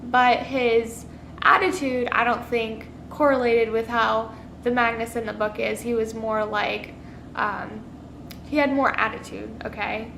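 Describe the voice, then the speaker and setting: A woman with a slightly high voice chats through a casual movie review vlog. She leans on "like" fillers and acts out her own reactions. Her voice rings around an echoey room. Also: fairly even intonation, a little slow, vocal fry, background noise.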